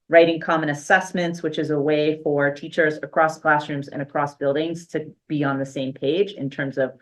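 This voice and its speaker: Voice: mid-range voice, a bit bright. A school superintendent giving an informal, unscripted report at a board meeting, talking loosely with fillers and restarts and the odd dry joke. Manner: dry, self-aware humor.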